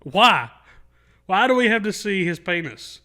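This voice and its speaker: A man co-hosting a casual podcast. His voice sits a little high with a bright, tense edge. He is excitable, laughs easily and often leaves sentences unfinished. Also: a little slow. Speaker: podcast co-host. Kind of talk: casual chat.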